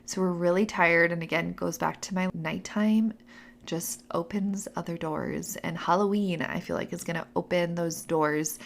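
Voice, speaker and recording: A woman's voice: on the low side, fairly even intonation, moderate pace, vocal fry, a little hiss or hum. A young adult woman hosting a podcast, telling personal stories in a chatty, casual way. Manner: chatty, acts out voices in quotes. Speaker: podcast host. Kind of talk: casual storytelling.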